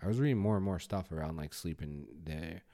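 A man's voice: deep voice, fairly quick. A man in his forties co-hosting a podcast about fatherhood, telling stories casually and acting out his own scolding. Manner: animated storyteller, acts out his own scolding. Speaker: podcast co-host. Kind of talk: casual chat.

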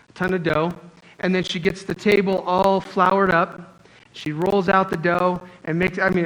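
A man's voice: high-pitched, fairly bright tone, low-quality recording. A man preaching a sermon as pastor, talking in a conversational, joking storytelling way. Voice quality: wears glasses, astigmatism.

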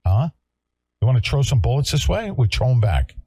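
A man hosting a talk show with a gravelly, husky voice that swings widely in pitch. He rants in a combative, sarcastic way. The sound is close and dry. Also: big pitch swings, fairly quick, no echo. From California. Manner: loud, combative, sarcastic ranting. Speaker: show host. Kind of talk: heated talk-show rant.

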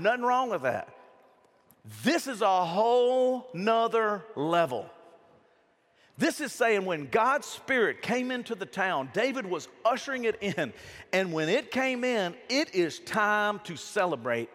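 A man preaching a lively sermon, telling stories and acting out quotes in raised voices. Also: unhurried. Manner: animated storytelling, acts out quotes in high voices. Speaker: pastor. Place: church sanctuary. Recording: long reverb of a church hall.

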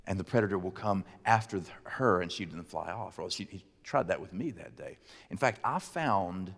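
A man preaching a sermon as a pastor, telling a story in an animated, conversational way. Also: on the low side, moderate pace, vocal fry, big-room sound.

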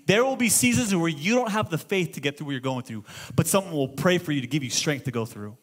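A middle-aged man preaching a sermon as pastor, moving between loud exclamations and hushed storytelling. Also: a little high, expressive, fast, hardly any pauses. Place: church auditorium.

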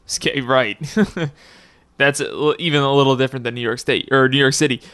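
A young man hosts a casual podcast chat, rambling through stories and breaking into laughter. His voice is bright and smooth, recorded close and dry. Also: mid-range voice, steady tone, no echo. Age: young adult. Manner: rambling, laughs often, quick quotes. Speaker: podcast host.

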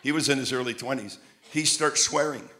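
A man preaching a sermon, telling lively stories and repeating phrases like a chant. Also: mid-range voice, a little fast. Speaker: traveling preacher. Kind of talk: sermon with storytelling.

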